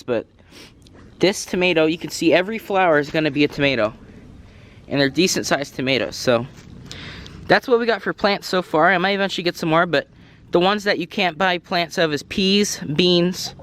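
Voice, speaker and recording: Gardening vlogger, man, slightly high voice, breathless, rambling outdoor camera talk. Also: moderate pace, fairly bright tone. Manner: rambling, self-correcting, apologetic asides. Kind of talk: casual garden tour. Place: outdoors in a garden, cars passing.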